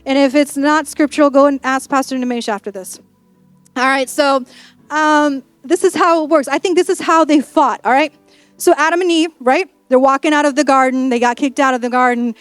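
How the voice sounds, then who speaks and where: A woman pastor preaching a sermon in a playful, animated storytelling manner. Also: high-pitched, moderate pace, no echo, faint music behind. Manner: sassy and emphatic.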